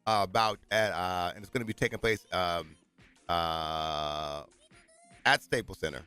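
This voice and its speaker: A man's voice: low-pitched, unhurried, pushed and bright, smooth, soft background music. A man co-hosting a sports talk radio show, chatting with enthusiastic, hometown-proud banter. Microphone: studio microphone.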